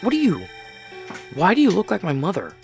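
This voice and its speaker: A man voicing a terrified and furious young son in a horror game, shouting and swearing in panic. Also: mid-range voice, sing-song, moderate pace, soft background music. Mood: threatening. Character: terrified furious young son facing his dead mother.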